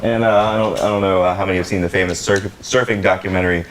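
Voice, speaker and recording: A man's voice: deep voice, steady tone, quick pace. A man hosting a live comedy game show, upbeat and joking. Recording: loud live audience and noise. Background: loud audience laughter and noise.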